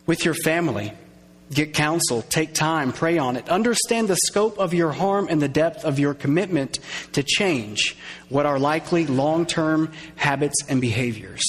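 A man preaching a sermon, conversational and lively, acting out little quoted voices and drawing in his congregation. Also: a little high, moderate pace. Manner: conversational, acts out quoted voices, engages audience. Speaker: pastor. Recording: long reverb of a large hall.

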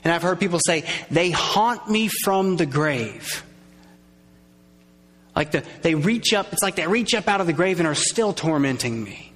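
A man preaching a sermon, conversational and lively, acting out little quoted voices and drawing in his congregation. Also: on the high side, a little fast, few pauses. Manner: conversational, acts out quoted voices, engages audience. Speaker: pastor. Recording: long reverb of a large hall.

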